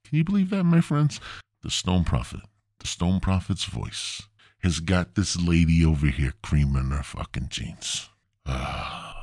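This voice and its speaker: A man's voice: sits low, big pitch swings, measured pace, darkish tone, dry recording, clean studio sound. A man hosting a podcast with a crude, rambling, mock-grandiose comedic monologue. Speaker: podcast host.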